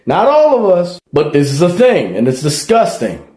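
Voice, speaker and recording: A man from El Salvador lectures with emphasis, hammering his points home by repeating them. His voice sits a bit high for a man. The room gives his voice a noticeable echo. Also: huge pitch swings, normal speed, dark tone. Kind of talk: explainer commentary.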